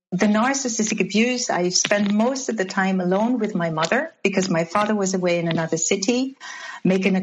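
A woman's voice: mid-range voice, a little hiss or hum. A woman in her fifties, a guest in an interview, telling her personal story earnestly and reflectively, with frequent ums and restarts. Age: 50s. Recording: dull lo-fi sound.

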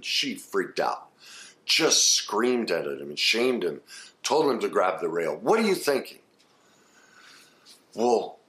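A man who works as a therapist and author, giving a blunt, emphatic self-help talk that swings between quiet stretches and animated bursts. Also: low voice.

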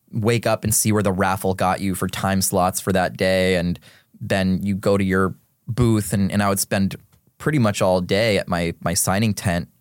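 A man in his thirties, a guest rapper in a casual podcast interview, explaining things in an animated, nerdy, theatrical way. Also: deep voice, dry recording, studio quality.

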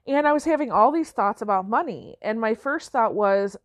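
A woman's voice: fairly high pitch, expressive, normal speed, few pauses, no room sound, studio quality. A woman who coaches business owners, talking in a reflective, conversational way, often asking "right?" and rephrasing as she goes. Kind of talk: reflective casual talk.

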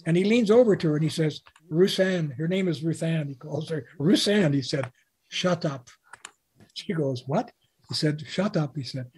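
A man's voice: fairly high pitch, a little mellow, slightly rough. An older man from Canada, a guest author, telling anecdotes in an interview and quoting people along the way. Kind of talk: interview storytelling.

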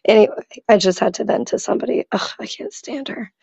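Lady doing a croaky gravelly gal leaving a voicemail, voice totally shot, dark and muffled, catty venting. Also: a little high, fast, no room sound, full character voice. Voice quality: gravelly, raspy. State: hoarse, lost voice. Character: hoarse gossipy woman caller who lost her voice. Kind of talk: comedy voicemail sketch.

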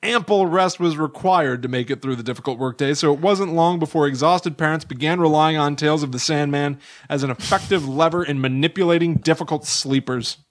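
A man's voice: on the high side, a little fast, few pauses. Giggly man reading between laughs. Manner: giggly, often laughing through his lines. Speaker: podcast co-host. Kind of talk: casual podcast chat, reading a script aloud.

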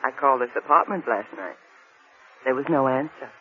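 Suspicious gangster's girlfriend, husky, bright, dull old radio recording. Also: a bass voice, normal speed. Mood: probing. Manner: coy, probing. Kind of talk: 1940s radio acting.

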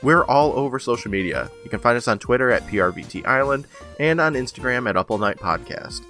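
A man co-hosting a podcast, his voice bright and forceful. He talks at a mid pitch in relaxed, friendly banter. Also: a little fast, faint music behind. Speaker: podcast co-host. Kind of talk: casual podcast chat and outro read.

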